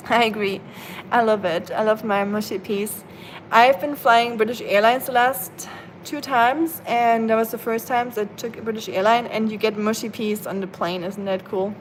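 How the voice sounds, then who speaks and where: Chatty woman with a higher voice. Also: fairly even intonation, normal speed, a little hiss or hum, poor audio. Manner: chatty and playful, laughs often. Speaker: live streamer chatting with viewers. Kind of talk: casual chat. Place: at home, rain outside. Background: rain ambience.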